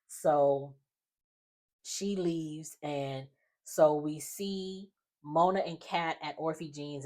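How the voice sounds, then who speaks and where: A young woman with a noticeably low-pitched voice talks through a soap opera recap in a relaxed, chatty way. She slips into the characters' lines as she retells each scene. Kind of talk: casual episode recap.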